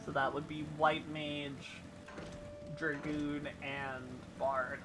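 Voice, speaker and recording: A woman's voice: deep voice, little pitch movement, takes it slowly, over music. A woman streaming a video game live, chatting casually and thinking aloud about her plans, swearing now and then.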